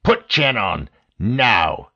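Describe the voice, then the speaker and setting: A man voicing a loud, domineering older FBI director with a raspy, wheezing smoker's voice who barks orders and swears. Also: on the low side, sing-song, drawn-out words, heavily acted. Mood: shouting, furious. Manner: barking, profane, domineering. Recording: dull lo-fi audio.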